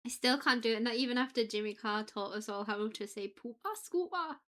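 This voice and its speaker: A woman's voice: medium pitch, steady tone, fast, fairly bright tone. A woman livestreamer chatting casually with viewers in a playful, giggly way. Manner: playful, giggly, drifts into Japanese phrases.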